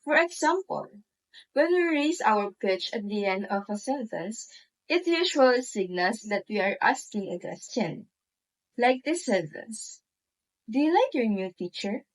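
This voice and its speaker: A woman with a Filipino accent, a student presenting a classroom lesson and reading examples aloud in a slow, deliberate way. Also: fairly high pitch, animated, low-quality recording.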